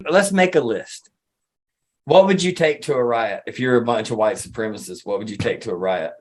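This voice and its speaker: A man's voice: medium pitch, normal speed. A man from Alabama with a Southern accent, co-hosting a podcast in casual chat, sarcastic and swearing constantly as he riffs in mocking rants. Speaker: podcast co-host.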